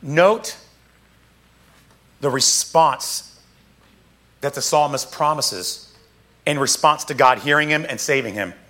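A man preaching a sermon, reading scripture aloud and explaining it in an emphatic, casual way with quick asides. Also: fairly high pitch, sharp tone.

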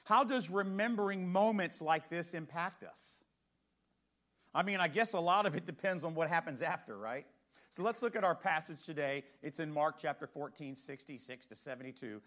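A man's voice: on the high side, moderate pace, fairly bright tone. A man preaching a sermon as pastor, talking conversationally and putting questions to the congregation.

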